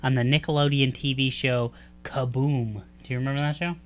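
A man's voice: mid-range voice, fairly even intonation, normal speed, soft background music. A young adult man co-hosting a casual chat, joking and teasing and laughing often. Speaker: podcast co-host.

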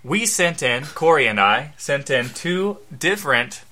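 A man co-hosting a comedy podcast, explaining things with many pauses and ums. His voice is crisp and bright. He sounds casual and unhurried. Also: a little high, animated. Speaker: podcast co-host.

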